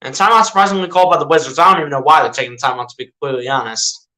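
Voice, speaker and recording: A basketball fan races through live play-by-play in a medium-pitched, sharp voice on a rough recording. Exasperated, he fires rhetorical questions at the team, chatting away while correcting and repeating himself.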